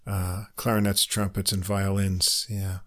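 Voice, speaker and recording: A man's voice: low voice, flat delivery, a little slow, fairly bright tone. A middle-aged man co-hosting a music podcast in a laid-back, hesitant way with dry quips. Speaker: podcast co-host. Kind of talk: casual chat.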